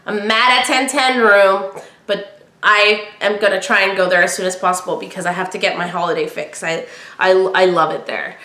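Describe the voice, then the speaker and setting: A woman hosting a podcast, chatting casually and telling stories, acting out friends' lines in lively voices. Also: mid-range voice, normal speed, roomy sound. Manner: chatty storyteller, quotes friends in animated voices. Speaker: podcast host. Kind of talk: casual chat.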